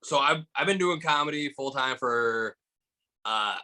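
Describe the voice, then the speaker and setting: Bright-voiced comedian from Michigan. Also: male voice, mid-range voice, a little slow, low-quality recording. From Michigan, USA. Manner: animated storyteller, heavy use of "like" fillers. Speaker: stand-up comedian, guest. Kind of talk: casual podcast chat.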